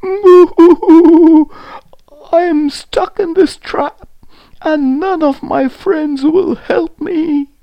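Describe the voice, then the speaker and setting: A man voicing a proud male lion who brags in a gruff tone and pleads in high wailing cries. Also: sing-song, slow, dry recording, muffled recording, full character voice. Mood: pleading. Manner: swings from gruff boasting to high wailing pleas.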